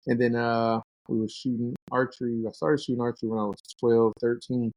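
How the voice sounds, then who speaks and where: A man in his thirties, a guest on a podcast, telling hunting stories casually and acting out his friends' lines in a higher voice. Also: brisk, no echo, poor audio. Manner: animated, acts out quoted friends in a higher voice. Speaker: guest, pro fighter and bow hunter. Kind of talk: casual storytelling.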